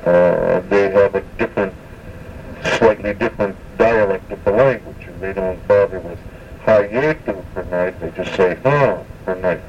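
A man giving a patient, methodical language lesson, explaining words one at a time with frequent pauses. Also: sits low, a little mellow. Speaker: language teacher. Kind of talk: slow spoken language lesson. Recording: dull, distant lo-fi recording with faint hiss.

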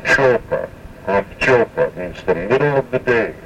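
A man giving a spoken language lesson, slowly and carefully repeating words to show their pronunciation, with many hesitations. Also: fairly low pitch, expressive, a bit bright, recorded from a distance, lo-fi sound, a little hiss or hum. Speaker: language teacher.

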